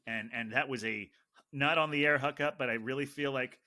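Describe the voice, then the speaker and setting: A man co-hosting a podcast in casual chat, chatty, with quick stuttering restarts. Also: medium pitch, steady tone, bright, forceful tone. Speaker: podcast co-host.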